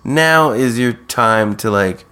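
A man's voice: medium pitch, slow pace, bright, forceful tone, clear, resonant tone. A man co-hosting a podcast, chatting casually and hesitantly as he recaps a TV show. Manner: hesitant, with frequent restarts and "like". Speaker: podcast co-host.

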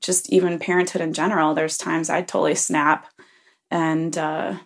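Rambling woman, lowish voice. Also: flat delivery, moderate pace, creaky. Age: adult parent. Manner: rambling, full of ums and self-corrections; chuckles while telling the story. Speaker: listener leaving a message for a podcast. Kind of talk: casual anecdote.

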